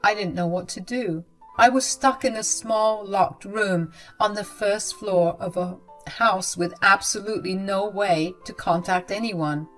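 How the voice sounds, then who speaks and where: A woman's voice: mid-range voice, a little slow, fairly bright tone, faint music behind. A woman narrating a first-person story in a subdued, earnest way.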